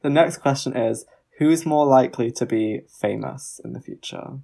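A man's voice: mid-range voice, moderate pace, creaky, dark tone. A man asking a pair relationship questions in a playful interview. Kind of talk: light quiz-style interview.

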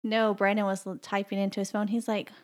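A woman's voice: medium pitch, little pitch movement, brisk. A woman from the American South co-hosting a podcast in a rambling, chatty way, laughing often. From Southern United States. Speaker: podcast co-host. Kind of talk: casual podcast chat.

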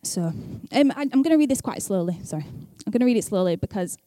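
A woman's voice: medium pitch, animated, fast, warm tone, dry recording. A young woman speaking at church in a chatty, self-deprecating way, laughing often, then reading scripture aloud. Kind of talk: casual talk and scripture reading.

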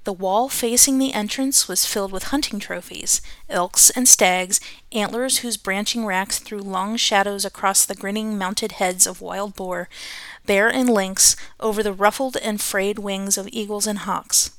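Chatty podcast lady reading out a book, mid pitch, fixes her own slips, dry close mic. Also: steady tone, measured pace, fairly bright tone, no room sound. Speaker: podcast host reading aloud.

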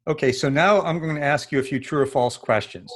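A man's voice: on the high side, brisk, fairly bright tone. A man hosting an interview, asking questions in a friendly, light manner. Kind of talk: casual interview, quiz questions.

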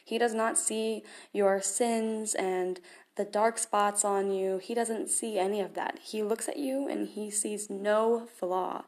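A woman's voice: medium pitch, fairly even intonation, slow, a little mellow. Earnest young woman sharing scripture. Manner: earnest and chatty, with fillers and small laughs. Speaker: podcast host. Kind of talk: casual devotional talk with scripture reading.

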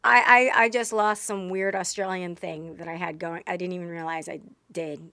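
A woman's voice: lowish voice, normal speed. A woman with a Texan accent, chatting casually and animatedly as a podcast co-host. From Texas. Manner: chatty, animated, self-deprecating. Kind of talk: casual chat.

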